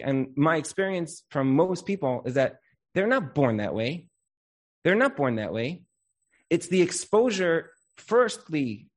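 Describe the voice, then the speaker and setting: A man in his thirties, a counselor giving an inspirational talk, who tells stories and acts out the people in them, sprinkling in Hebrew religious terms. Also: on the high side. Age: 30s. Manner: animated storyteller who acts out quoted voices. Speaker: marriage counselor and Torah speaker.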